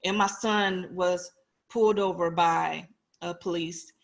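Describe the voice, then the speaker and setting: A woman's voice: lowish voice, fairly even intonation, takes it slowly, creaky. A woman in her forties, a police officer, giving an earnest, personal talk to an online audience and putting questions to them directly.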